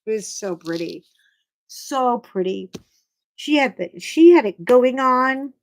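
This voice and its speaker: A middle-aged woman hosting a casual livestream chat, telling stories in an animated way and greeting viewers by name. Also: fairly high pitch, slow. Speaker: livestream host.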